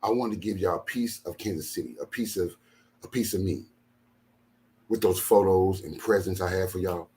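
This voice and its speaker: Deep-ish voiced guy preaching at his people, keeps repeating lines, goes quiet then loud. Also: normal speed, slight background noise. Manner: emphatic, repeats phrases, swings from low and quiet to loud bursts. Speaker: minister. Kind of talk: impassioned talk to followers.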